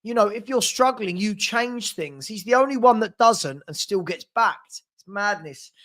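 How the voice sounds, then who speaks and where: A young man speaks with a high, bright pitch as he hosts a live football watchalong. He chats loosely into a desk mic in a room at home. He reads out viewer messages and answers them in a relaxed, running patter. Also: unhurried. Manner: chatty, reads out viewer comments, scolds a puppy. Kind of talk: casual live-stream chat.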